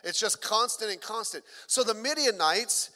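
A man's voice: sits high, expressive, moderate pace, pushed and bright, in a large hall. A middle-aged man, a pastor, preaching a sermon in a conversational way with joking asides.

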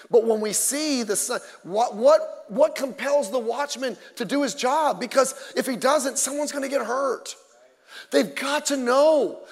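High-voiced male pastor in a reverberant hall. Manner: emphatic, conversational preaching with self-deprecating jokes. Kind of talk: sermon.

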